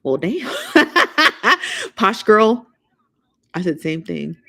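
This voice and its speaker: A woman hosting a casual livestream, reading viewer comments aloud and dishing gossip in a sassy manner, calling her viewers honey and child, with the odd hushed aside. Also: on the low side, animated, slow, creaky. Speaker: livestream host.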